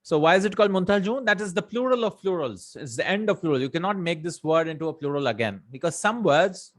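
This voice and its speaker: A man's voice: high voice, expressive, fast talker, a bit bright. A man teaching an Arabic grammar lesson in English, reciting verses and checking in with "right?" and "hmm?" as he explains. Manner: many fillers and self-corrections.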